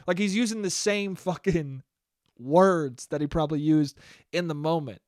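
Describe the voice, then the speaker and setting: A man's voice: high-pitched, moderate pace, no room sound, clean studio sound. A man hosting a solo comedy podcast, ranting profanely and laughing at his own jokes. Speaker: podcast host.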